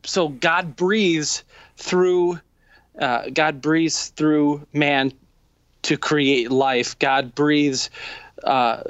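A man in a theological debate, asking earnest questions in a halting way with many restarts. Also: on the high side, steady tone, a bit bright, clear, resonant tone, no echo. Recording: dull, dry lo-fi sound.

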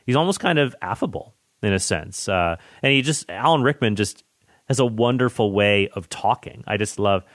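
A man hosting a podcast, chatting about movies in an enthusiastic, rambling way with excited tangents. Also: fairly low pitch, normal speed, no echo, clean studio sound. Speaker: podcast host. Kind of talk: casual movie chat.

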